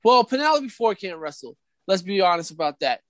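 A man's voice: high voice, sing-song, brisk, no echo. A man co-hosting a podcast in casual chat, giving opinions and picking his words carefully. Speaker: podcast co-host.

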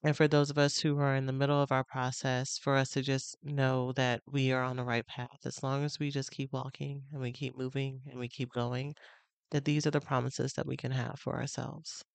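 A woman hosting her own podcast as a love addiction coach, talking casually and with emotion, with pauses as she gathers herself. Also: extremely low pitch, level tone, vocal fry, no room sound. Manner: emotional, pausing, heartfelt. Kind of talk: casual personal podcast talk. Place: on location on a trip.

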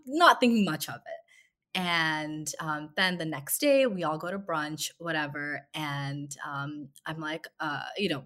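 A woman's voice: on the low side, sharp tone. A woman in her twenties casually telling a dating story, chatty, with many fillers and acted-out dialogue. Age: 20s.

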